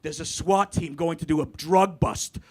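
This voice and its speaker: A man from Canada doing animated, sweary stand-up comedy in a club. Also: on the high side, moderate pace. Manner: animated, swearing, laughing with the crowd. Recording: live club recording with background noise.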